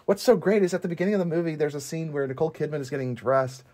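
Animated man chatting about a movie. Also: fairly high pitch, very fast. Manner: animated, quotes characters in playful voices. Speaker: podcast co-host. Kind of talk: casual movie review chat.

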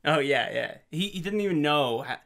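A man's voice: on the high side, animated, normal speed, vocal fry, over a noisy crowd. A man co-hosting a casual movie podcast, cracking crude jokes and swearing freely. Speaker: podcast co-host. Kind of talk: casual movie-riffing chat.

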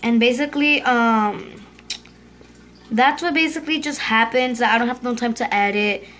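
A female host giving casual commentary over her gameplay, excitable, yelping and urging herself on, dropping to hushed whispers when scared. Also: on the high side, a little hiss or hum. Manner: excitable, yelps and shrieks, fast repeated urging. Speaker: gaming video host.

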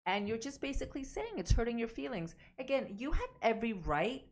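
A woman's voice: mid-range voice, very animated, moderate pace, few pauses. A woman relationship coach giving emphatic, direct advice, repeating her key points. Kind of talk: advice talk to camera.

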